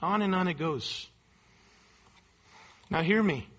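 Male pastor, high-pitched and forceful, emphatic sermon, rhetorical questions. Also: takes it slowly.

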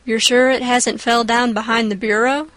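A woman voicing a shy, mild older farmer man who speaks hesitantly and softly. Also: fairly high pitch, steady tone, moderate pace, dry recording, lightly acted. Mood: forlorn. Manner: hesitant, soft-spoken.

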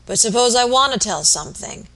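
A woman reading aloud as a dying, rough-spoken working man, bitter and feverish, with coarse rural speech. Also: medium pitch, normal speed, fairly bright tone, natural voice.

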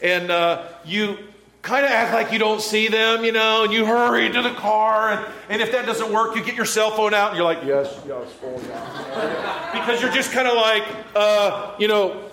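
Animated, high-voiced male preacher. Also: normal speed. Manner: animated preaching, acting out quotes, swings from loud to hushed. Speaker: pastor. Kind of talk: sermon.

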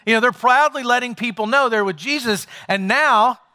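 High, bright-voiced male pastor preaching. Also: normal speed. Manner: conversational, jokes with the congregation. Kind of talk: sermon. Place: church sanctuary with a congregation.

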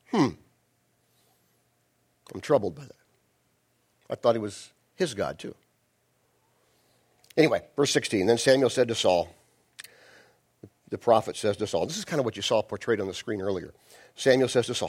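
A man's voice: mid-range voice, animated, normal speed, pauses often, darkish tone, slightly rough. A male pastor preaching in a conversational way, with frequent restarts and asides to the congregation. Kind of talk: sermon.

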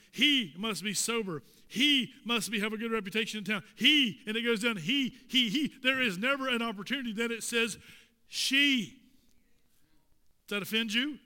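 A man preaching a sermon in a church sanctuary. His voice sits high and sounds bright and forceful, and he keeps asking the congregation rhetorical questions. The room adds a long, ringing reverb. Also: clean tone. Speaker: pastor.

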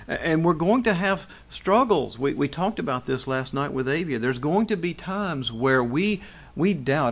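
A middle-aged pastor preaching a conversational sermon, asking rhetorical questions and restarting phrases as he goes. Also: fairly high pitch.

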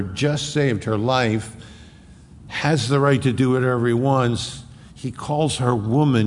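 Gravelly-voiced male preacher in a hall. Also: mid-range voice. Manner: preaching with emphatic repetition. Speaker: pastor. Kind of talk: sermon.

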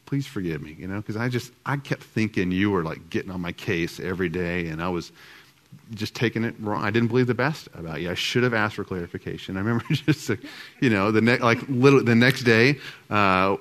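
A middle-aged man speaking to an audience as a marriage speaker, telling stories in an animated way and acting out both sides of remembered conversations. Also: lowish voice, a little fast. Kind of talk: storytelling talk to a live audience.

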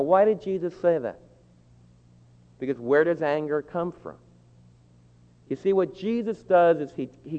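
Animated male preacher, slightly high voice, dull recording. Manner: animated preaching, acts out shouted quotes. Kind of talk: sermon. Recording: dull lo-fi sound with long hall reverb.

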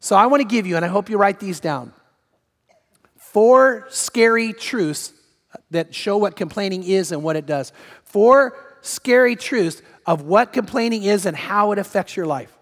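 High-voiced emphatic preacher in a reverberant hall. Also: male voice, lively intonation, a little slow, fairly bright tone. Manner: emphatic preacher, repeats key phrases, acts out quotes. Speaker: pastor. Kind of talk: sermon.

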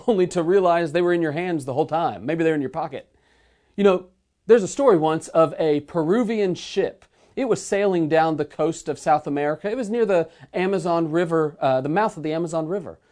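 A man preaching a sermon to an online audience in an earnest, measured way, slowing down to stress key phrases. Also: on the high side, darkish tone. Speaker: pastor. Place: remote sermon streamed online.

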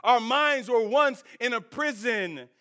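A male pastor preaching a sermon in an animated, conversational way, calling out to the congregation. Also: very high-pitched, slow, smooth.

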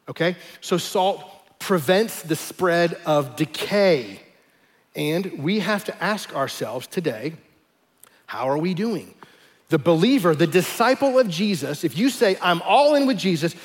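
A man preaching a sermon, teaching in a conversational way and slowing down hard on the words he stresses. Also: sits high, in a large hall. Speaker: pastor.

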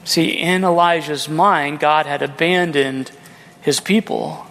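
A man with a high voice preaches a sermon and tells the story dramatically, acting out the lines of its characters. His words ring out with a long reverb, as if in a large church. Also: steady tone, slow pace, gravelly, fairly bright tone. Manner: dramatic storytelling, acting out quotes, rhetorical questions. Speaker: pastor.

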